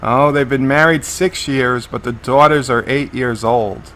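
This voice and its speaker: A man's voice: mid-range voice, steady tone, a little slow, fairly bright tone. A man giving live reaction commentary on a TV episode, narrating scenes as they unfold and often restarting his sentences. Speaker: TV episode reviewer.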